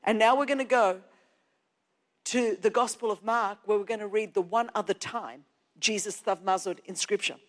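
A woman preaching a sermon from a church stage. She presses hard on key words and climbs into shouts. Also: medium pitch, normal speed, long reverb tail. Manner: emphatic, stretching key words and rising to shouts. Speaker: pastor. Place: church hall.

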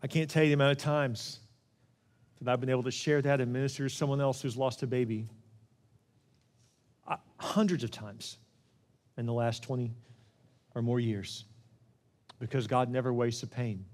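A middle-aged man delivers a sermon from the pulpit as the pastor, speaking with earnest conviction. His voice sits at an ordinary middle pitch, and he moves between energetic, raised passages and soft, hushed moments. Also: moderate pace, long pauses. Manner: earnest storytelling, swings from loud to hushed.

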